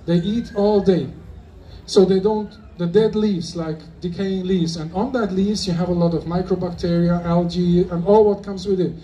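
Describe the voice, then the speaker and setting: A man's voice: sits high, steady tone, normal speed, mellow, lo-fi sound. A man from Germany with a German accent, giving a joking, rambling talk to a live audience at a convention. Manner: joking, rambling, playful asides. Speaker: conference speaker. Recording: distant mic with faint noise.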